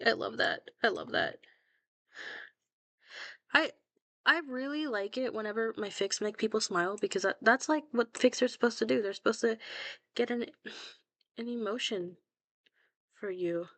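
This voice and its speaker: A woman's voice: on the high side, lively intonation, moderate pace, creaky, pauses often, a bit bright, no echo. A young woman chatting casually about her own fan fiction, blunt and self-mocking, swearing freely and laughing at herself. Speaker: fanfiction writer scrolling her own archive.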